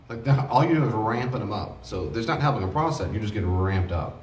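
A man's voice: lowish voice, fast talker, hardly any pauses, a little mellow. A man preaching a teaching sermon on grief as a pastor, earnest and conversational, repeating himself for emphasis. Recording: echoey room, mic at a distance.

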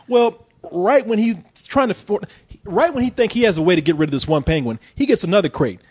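High-voiced man recapping a movie. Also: brisk, slightly rough. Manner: animated storyteller who acts out characters' lines. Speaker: film review podcast host. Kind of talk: casual profane movie recap.

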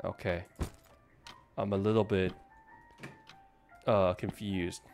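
A low, level, somewhat dark male voice moves at a slow pace against soft music. The speaker is a game streamer giving live commentary, talking to chat and to in-game characters, reacting to events and getting spooked easily.

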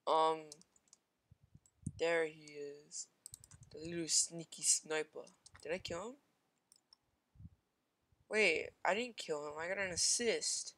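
A gamer giving casual commentary over their own shooter gameplay, thinking aloud, mocking their own play and repeating quick exclamations between fillers. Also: medium pitch, pushed and bright.

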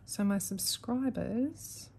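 A woman's voice: fairly high pitch, slow pace, a little hiss or hum. A young woman chatting casually to viewers while setting up her planner, rambling and correcting herself as she goes. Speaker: planner vlogger.

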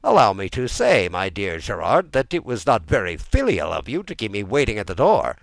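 A man's voice: fairly low pitch, huge pitch swings, normal speed, vocal fry, no room sound, voice pushed up, full character voice. A man playing a wry, self-assured old father.

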